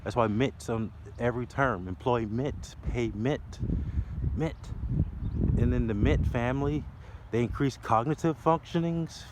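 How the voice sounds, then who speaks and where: A man's voice: medium pitch, measured pace, heavy background noise. A man vlogging on a walk outside, rambling playfully through wordplay and laughing often, with passing cars in the background. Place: outdoors by a library building near traffic. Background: passing cars and city sounds.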